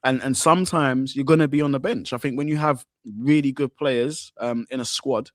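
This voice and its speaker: Brief: male co-host, excitable, dry close mic, matey banter. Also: mid-range voice, moderate pace, no room sound. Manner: excitable, laughs often. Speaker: co-host of fan show. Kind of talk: casual football chat.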